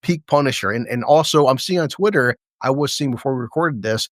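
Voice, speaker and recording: A man hosting a casual review chat, excitable and profane, often acting out lines from scenes. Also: medium pitch, brisk, no echo, studio quality. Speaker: podcast host.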